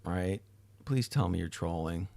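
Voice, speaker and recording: A man's voice: low voice, a little slow, vocal fry, dark tone, dry recording. A tired man hosting a livestream, chatting casually with his chat, rambling and swearing now and then. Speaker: livestream host. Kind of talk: casual chat reading live chat.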